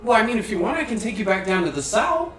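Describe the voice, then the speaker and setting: A man playing a tabletop game, excitable, yelping and swearing as he talks in character. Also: high voice, quick pace. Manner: excitable, swears and yelps, plays his character. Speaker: player. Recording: roomy, a bit off mic, music behind.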